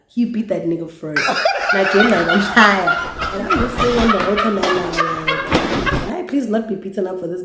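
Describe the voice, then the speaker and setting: A young woman from South Africa with a South African accent, telling a storytime vlog in a lively, candid way with swearing. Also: fairly low pitch. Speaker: YouTuber. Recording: roomy echo.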